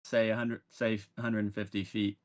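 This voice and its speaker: A man's voice: on the low side, level tone, moderate pace. A man playing a tabletop game, eagerly describing his character's actions in the third person. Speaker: player.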